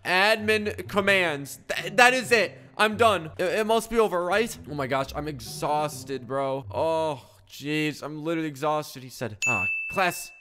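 A man giving excitable gameplay commentary with dramatic reactions. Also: fairly high pitch, unhurried, hardly any pauses, noisy background. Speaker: gaming YouTuber.

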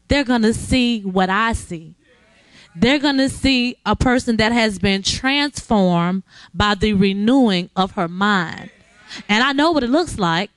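A woman's voice: medium pitch, smooth, dry recording. A woman at a recovery center speaking in an emotional, encouraging way to a graduate as she gives her an award. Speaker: recovery center staff member giving award. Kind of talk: heartfelt address to a graduate.

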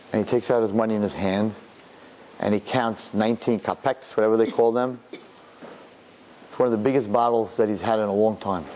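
A middle-aged rabbi telling a story as a sermon, acting out the characters and mixing in Yiddish and Hebrew words. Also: male voice, fairly low pitch, mellow, slight background noise.

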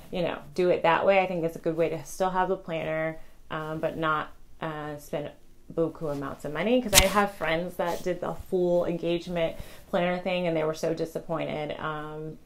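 Young female vlogger, lower register, chatty and quick, casual to-camera tips. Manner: chatty, rambling, many ums and restarts; talks fast. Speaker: vlogger sharing wedding tips.

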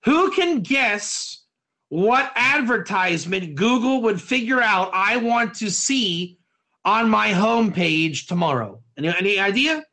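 A man leads a Torah study class, his voice high and bright as he explains. He talks slowly, with a lively pitch that swings up and down, and he keeps turning to his listeners with questions. He often repeats or restarts a phrase before going on. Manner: quizzes the audience with frequent questions. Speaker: rabbi teaching a class. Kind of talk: Torah study lesson with modern analogies.

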